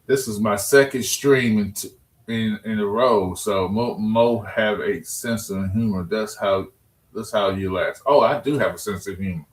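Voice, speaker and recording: Joking man live-streaming in an echoey room. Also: lowish voice. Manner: loose, joking, trash-talking with chat. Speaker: live streamer reading chat. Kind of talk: casual live-stream chat. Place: home room at his computer.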